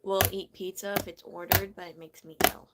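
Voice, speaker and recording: A young woman with a Southern US accent and a naturally high voice, rambling and swearing freely in casual livestream chat. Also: little pitch movement, fairly quick, very noisy.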